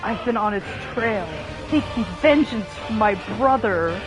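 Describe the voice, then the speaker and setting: A woman voicing a grim young male swordsman bent on vengeance, in a lowered, gravelly put-on voice with a solemn, clipped delivery. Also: expressive, measured pace, music in the background, close to an everyday voice.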